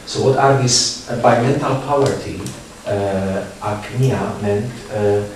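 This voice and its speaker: A lowish-voiced man who is not a native English speaker, feeling his way through each sentence with frequent fillers and restarts. He is caught from far off in a very echoey theatre, with steady noise hanging underneath. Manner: halting, many fillers and restarts. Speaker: panel speaker presenting research. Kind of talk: discussion talk. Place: theatre space. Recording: echoey room, distant mic, background noise.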